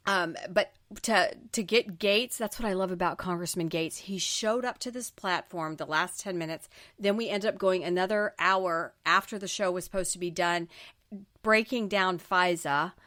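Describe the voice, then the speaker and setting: A woman's voice: fairly low pitch, moderate pace, fairly bright tone. A middle-aged woman from the Florida Panhandle hosting a political talk show. She rants emphatically, sounds exasperated and restarts her sentences often.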